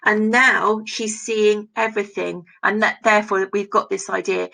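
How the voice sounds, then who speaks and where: A woman teaching a recorded remote lesson, her voice slightly gravelly. She walks through a text line by line, stopping to ask "isn't it?" as she explains. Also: medium pitch, steady tone, normal speed, pushed and bright, rough recording. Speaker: English teacher. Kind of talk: recorded distance-learning lesson.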